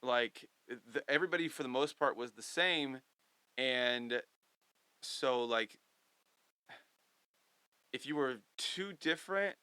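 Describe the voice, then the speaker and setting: Bright-voiced young man telling stories. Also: medium pitch, takes it slowly, pauses often, clear, resonant tone, no room sound, rough recording. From Missouri. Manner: animated storyteller, swears freely. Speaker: podcast guest. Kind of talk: casual chat.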